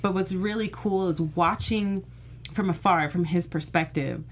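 A woman's voice: on the low side, a little slow. A woman co-hosting a casual TV recap chat, enthusiastic and emphatic, laughing often. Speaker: podcast co-host.

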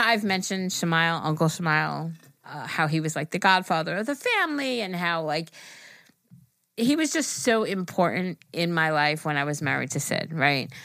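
Lower-voiced chatty podcast woman. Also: gravelly, fairly bright tone, no echo, clean studio sound. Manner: chatty, laughs often, swears casually. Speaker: podcast co-host. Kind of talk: casual chat.

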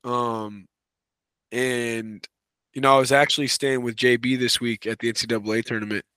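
A man talking as a wrestling coach and podcast guest in a relaxed, casual way, full of "you know" and "right.". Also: mid-range voice, normal speed, clean tone, dry recording. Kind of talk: casual conversational interview.

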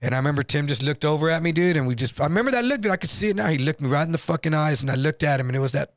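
A man from Texas, a guest comedian, telling a story in an animated, profane, slang-heavy way. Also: on the high side, very fast, dry recording, studio quality. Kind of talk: casual storytelling.

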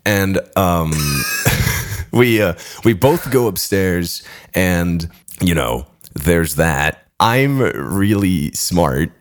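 A man's voice: sits low, animated, very slow. A man hosting a podcast, telling a rambling, profane story in casual chat and often breaking into laughter. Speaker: podcast host.

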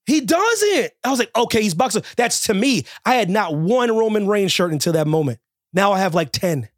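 In clean studio audio with no room sound, a man co-hosting a podcast talks a little fast in casual conversation. His delivery is animated and repetitive, hammering points emphatically and slipping into high-pitched mocking impressions.

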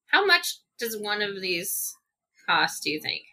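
Woman, podcast co-host, blunt casual chat, sharp tense tone. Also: mid-range voice, big pitch swings, measured pace, breathy edge. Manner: blunt, profane and curious. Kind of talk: casual chat while taste-testing food.

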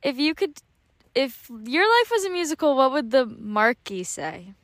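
High-voiced young woman asking quick questions. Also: very animated, no echo. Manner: brisk, question-asking, teasing. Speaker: podcast guest interviewer. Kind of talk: casual podcast chat.

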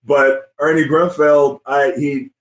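Animated man telling stories in a roomy space. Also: a little high, slow pace. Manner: animated storytelling, often says "you know what I mean". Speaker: podcast host, former NBA player. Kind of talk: casual sports interview chat. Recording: roomy echo.

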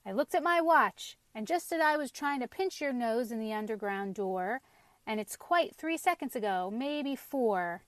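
A woman's voice: on the high side, lively intonation, normal speed, no room sound, lightly acted. A woman reading aloud and voicing a little male talking potato who protests eagerly.

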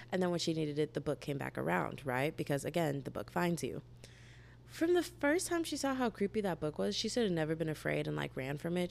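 A young woman talks through a book series in a casual, gushing vlog, full of asides and "like". Her voice sits low for a woman and has a gravelly fry running through it. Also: slight background noise. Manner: animated, gushing, chatty with lots of "like". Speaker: book vlogger. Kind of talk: casual book review chat.

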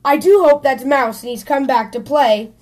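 A woman's voice: high voice, moderate pace, darkish tone, lightly acted. A woman reading a storybook aloud, voicing a fussy, tidy male cat who wants a best friend. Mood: eager. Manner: prim and fussy.

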